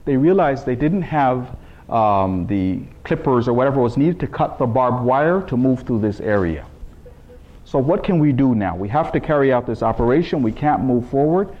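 Emphatic male preacher, lively pitch. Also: normal speed, muffled recording. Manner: emphatic, rising to high exclaiming peaks; recites scripture in Arabic. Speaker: speaker at a religious gathering. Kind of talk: sermon.

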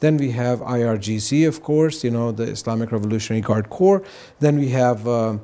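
A man's voice: mid-range voice, brisk, dark tone. A man speaking as a guest on a religious talk show, explaining earnestly and often checking in with "right?" and "you know".

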